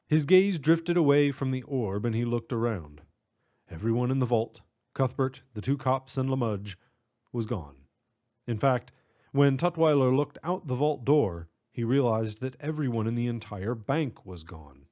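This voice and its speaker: A man narrating a story in a steady, measured way. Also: medium pitch.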